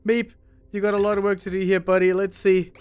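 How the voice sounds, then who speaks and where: High-voiced man panicking over a game. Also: a little fast, smooth. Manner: panicky, yelling at the characters, laughing often; calmer, chatty sign-off to viewers. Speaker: gaming YouTuber. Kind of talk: let's play commentary.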